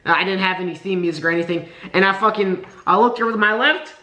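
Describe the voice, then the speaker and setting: A fast-talking teenage vlogger from Nebraska, USA, complains in a sarcastic rant full of profanity. His pitch is high and his tone sharp, and he's indoors by a window in a room with a roomy echo.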